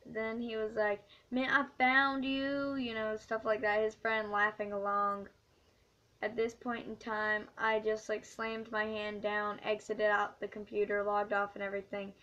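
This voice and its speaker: A teenage woman telling an earnest, rambling story in a casual vlog, with many fillers. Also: medium pitch. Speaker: vlogger. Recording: dull lo-fi recording.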